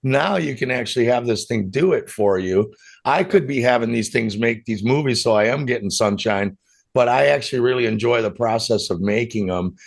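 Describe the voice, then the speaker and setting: A man's voice: mid-range voice, normal speed, gravelly. A man hosting a casual podcast conversation, joking around, laughing often and talking in a loose, rambling way. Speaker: podcast host.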